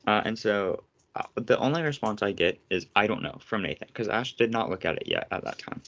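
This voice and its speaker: A man's voice: fairly low pitch, expressive, brisk, fairly bright tone, highs cut off. A young man hosting a casual podcast, ranting sarcastically and swearing often. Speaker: podcast host.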